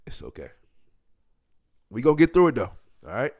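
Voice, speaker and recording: A man's voice: mid-range voice, moderate pace, no echo, studio quality. Emphatic man hosting a solo podcast. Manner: loose and emphatic, with frequent fillers and bursts of loud excitement. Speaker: podcast host.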